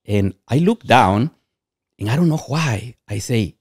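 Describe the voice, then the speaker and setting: A man's voice: mid-range voice, expressive, measured pace, darkish tone, breathy edge, dry recording, clean studio sound. Man telling stories. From Guatemala. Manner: rambling, repeats "you know what I mean". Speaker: podcast guest. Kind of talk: candid personal storytelling.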